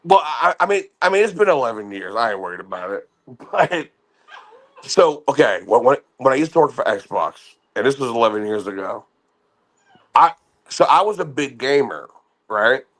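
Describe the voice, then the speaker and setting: A man's voice: mid-range voice, very animated, normal speed, a bit bright. Swearing, boastful man telling stories. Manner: boastful, laughing, swears a lot, stammers on restarts. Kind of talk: casual profane storytelling.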